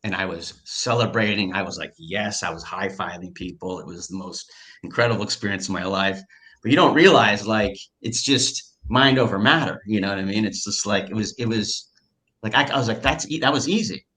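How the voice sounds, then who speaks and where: A man telling a personal story in casual conversation, excitable and full of filler words and restarts. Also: on the low side, brisk. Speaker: storyteller recounting a personal experience.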